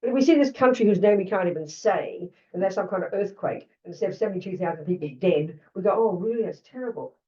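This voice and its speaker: A woman's voice: medium pitch, fast, few pauses, dark tone. An older Australian woman giving a Buddhist dharma talk in a blunt, conversational way, full of asides to her listeners. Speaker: Buddhist teacher. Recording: lo-fi, distant mic.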